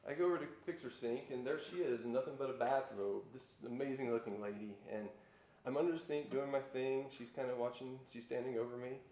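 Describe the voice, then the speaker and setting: A man voicing a plumber who excitedly recounts how he died. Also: mid-range voice, fast talker, natural voice. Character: male plumber recounting his death, breathless. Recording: roomy live stage sound.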